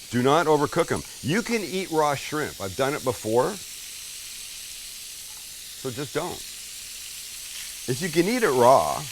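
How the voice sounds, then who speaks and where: A middle-aged cooking show host with a mid-range, fairly bright voice keeps up friendly, joking banter while guiding the viewer through each step of a casual demo. He's working an outdoor flat-top grill with food sizzling faintly, and he's slightly off-mic with a bit of background noise.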